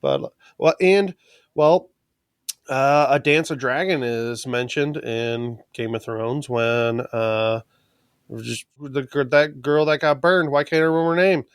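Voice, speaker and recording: A man's voice: medium pitch, slow, clear, resonant tone, no room sound, clean studio sound. A man co-hosting a podcast, chatting loosely about a TV show in a rambling, joking way. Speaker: podcast co-host. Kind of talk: casual podcast chat. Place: podcast studio.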